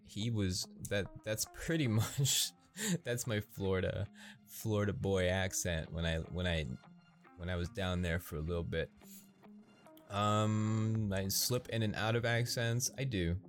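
A man from the Midwest with a Midwestern American accent, rambling casually as a podcast host, halting with many restarts and frequent laughs. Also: lowish voice, steady tone, soft background music.

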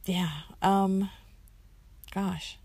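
A woman's voice: medium pitch, level tone, extremely slow, darkish tone, husky, no echo. A woman casually answering a list of questions, rambling with lots of fillers and self-corrections. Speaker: community member answering questions.

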